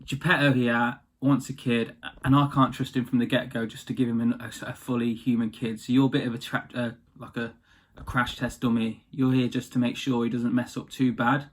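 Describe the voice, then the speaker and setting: Stern fairy, plain spoken, mid-pitched, a man voicing her. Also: flat delivery, brisk, lightly acted. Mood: instructing. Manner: casual, blunt scolding. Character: magical female fairy, stern but fair.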